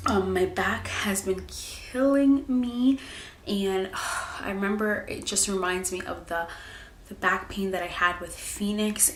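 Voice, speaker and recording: A twenty-something woman with a lowish voice gives a casual pregnancy update in a vlog, speaking candidly and packing in likes and ums. The echoey room carries faint ambience, along with a little hiss or hum.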